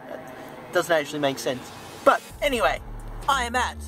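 A man's voice: on the high side, big pitch swings, moderate pace, pushed and bright, slight background noise, low-quality recording. A young man from Australia vlogging in a put-on American accent, rambling and joking at his own expense while cooking. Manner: rambling, jokey, self-mocking. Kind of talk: casual cooking vlog. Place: home kitchen. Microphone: handheld phone camera. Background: faint music and sizzling bacon.

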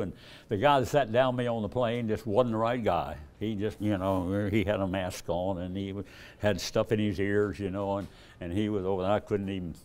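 Folksy older preacher telling stories. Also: male voice, on the low side, a little mellow. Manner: folksy, acts out dialogue in a raised voice, chuckles often. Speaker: evangelist. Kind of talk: storytelling sermon.

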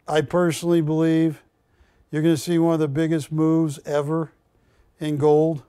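Male shopping-channel host, slightly high voice, unhurried folksy joker with a hard sell. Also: dark tone, smooth, dry recording, studio quality. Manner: folksy, joking, pushy salesman. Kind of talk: live TV sales pitch.

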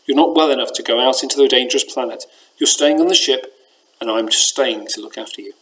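A man's voice: medium pitch, brisk, fairly bright tone, natural voice, poor audio. A man voicing a stern, protective ship captain in a storybook, speaking firmly. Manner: firm, commanding.

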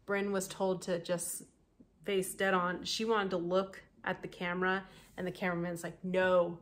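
Speaking at a normal speed in a fairly low-pitched voice, this podcast host recounts a true-crime tale. She stays chatty and animated throughout, with plenty of laughter and side remarks.

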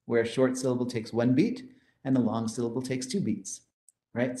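A man's voice: mid-range voice, steady tone, normal speed, dark tone, echoey room. A man giving a mathematics conference lecture, explaining step by step with enthusiasm and often checking in with "right?".

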